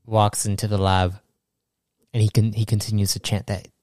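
A young man narrating as game master in a casual, halting way, often restarting his sentences. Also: on the low side, flat delivery, a little mellow, no room sound, studio quality.

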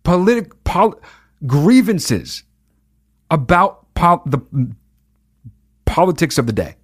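A man hosting a comedy podcast and riffing on clips in a profane, mocking way. His pitch swings widely as he reacts. He talks at a loose, conversational clip. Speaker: podcast host.

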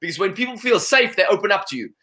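A man holds forth as an interview guest, rattling along at a rapid clip. His voice is bright and somewhat high, and he peppers every thought with "you know." He sounds like a seasoned salesman talking shop. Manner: animated, full of "you know" fillers. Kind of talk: conversational interview.

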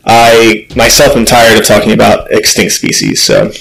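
A man's voice: medium pitch, fairly even intonation, normal speed, gravelly, a bit bright, rough recording. A man hosting a podcast, reading animal facts from copy with casual joking asides and self-corrections. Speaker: podcast host.

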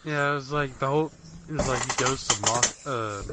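A man's voice: medium pitch, normal speed. A man in casual podcast chat who tells long, rambling stories and swears freely. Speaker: podcast co-host. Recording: noisy recording with clicks.

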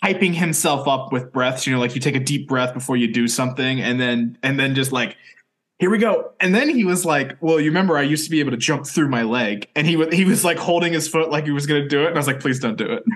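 A man co-hosting a podcast, casually recapping a TV episode with quick joking asides. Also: medium pitch, fairly bright tone. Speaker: podcast co-host.

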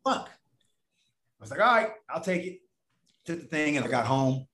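A man's voice: on the high side, big pitch swings, measured pace, a bit bright, echoey room. A man as a podcast guest, telling a long story in a casual, profane way and acting out other people's voices.

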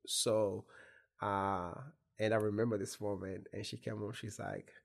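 A young man recounts his childhood as a guest in a conversation. His voice sits low and has a gravelly rasp to it. He tells it with energy, slipping into the voices of the people he quotes. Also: unhurried. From Zimbabwe. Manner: animated, acts out quotes, laughs while telling. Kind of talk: personal storytelling in conversation.

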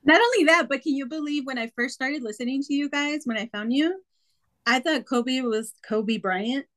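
A woman's voice: high-pitched, normal speed, fairly bright tone. A woman from the Los Angeles area, a guest on a casual podcast, chatting in a bubbly, giggly way.

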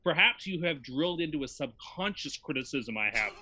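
A man's voice: fairly high pitch, animated, fairly quick, bright, forceful tone. A man co-hosting a podcast in casual chat, talking in a mock-grandiose, wordy way about himself. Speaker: podcast co-host.

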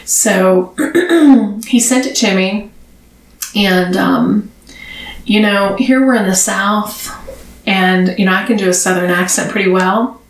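A woman's voice: medium pitch, slow pace. A woman co-hosting a podcast in casual chat, giggling often between lines. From US South. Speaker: podcast co-host. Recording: roomy, distant mic with faint noise.

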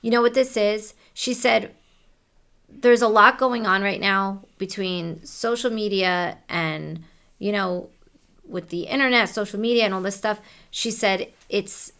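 Soft-spoken woman relaying a medium's reading. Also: mid-range voice, unhurried, creaky, clean tone. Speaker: psychic medium.

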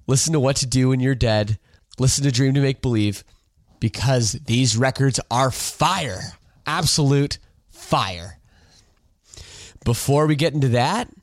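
Congested middle-aged male podcast host, lively pitch, dry studio mic, loose and chatty. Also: no echo. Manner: loose and chatty, swears casually, repeats words. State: congested, nasal from a sinus infection. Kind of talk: casual podcast intro. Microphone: studio microphone.

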